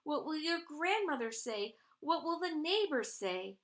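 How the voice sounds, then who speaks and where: A woman voicing a fretful, excitable mother in a storybook, with worried, high exclamations. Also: a little slow, full character voice. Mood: fretting.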